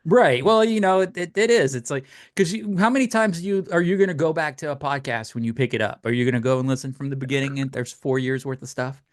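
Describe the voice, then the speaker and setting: A man co-hosting a casual podcast chat, animated and quick to laugh, tripping over his words now and then. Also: medium pitch, dry recording, studio quality. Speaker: podcast co-host.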